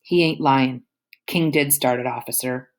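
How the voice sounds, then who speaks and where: A woman's voice: rumbling low, unhurried. A woman reading the lines of an angry, defiant father in a storybook. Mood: firm. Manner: defiant, taunting. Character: angry grown man, a protective father.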